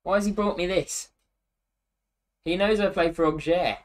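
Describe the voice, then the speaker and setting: A man's voice: sits high, normal speed. A man joking and grumbling his way through casual football game commentary. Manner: sarcastic and jokey, with bursts of frustration. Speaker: gaming commentator.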